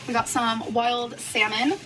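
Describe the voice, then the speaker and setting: A woman vlogger showing off her grocery haul, listing items one by one in an unhurried way. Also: a little high, flat delivery, distant mic, over music, rough recording.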